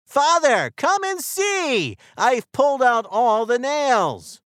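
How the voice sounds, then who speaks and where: A man voicing a hot-tempered young schoolboy who yells in a high, strained voice, in a textbook story reading. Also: very animated, slow pace, no room sound, studio quality. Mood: eager.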